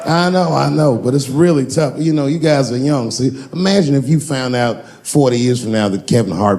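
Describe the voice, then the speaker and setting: A man's voice: medium pitch, fairly quick, hardly any pauses, background noise. A man in his forties doing a wry, storytelling stand-up comedy routine on stage before a live audience. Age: 40s.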